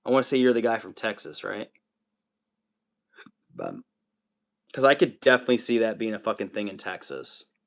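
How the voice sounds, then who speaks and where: A man's voice: lowish voice, very animated, moderate pace, gravelly, long pauses. A man hosting a livestream, chatting casually with viewers while building miniatures, rambling and swearing often. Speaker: livestream host.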